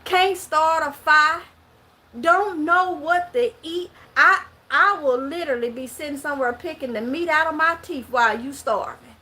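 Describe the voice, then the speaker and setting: A middle-aged woman with a thick Mississippi Southern drawl tells stories straight to camera, animated and full of country dialect. Her voice sits high and comes across bright and forceful. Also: normal speed. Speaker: vlogger. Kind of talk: casual monologue to camera.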